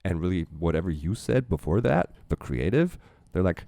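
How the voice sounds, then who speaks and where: Middle-aged man, German accent, gravelly and low, lively swooping delivery, rambling, swears a lot, casual reaction chat. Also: brisk, no room sound. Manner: profane, rambling, excitable. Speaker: reaction guest.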